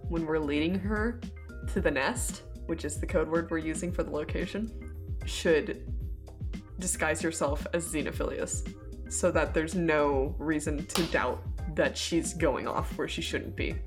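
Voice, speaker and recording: A woman playing a tabletop game, laying out plans calmly and matter-of-factly. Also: low-pitched, measured pace. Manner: calm, planning, matter-of-fact. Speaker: player. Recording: clear music behind.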